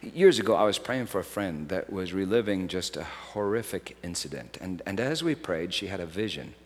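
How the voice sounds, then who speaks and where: A man preaching a sermon, swinging from hushed, slow phrases to loud, soaring outbursts. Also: sits low, animated, in a large hall.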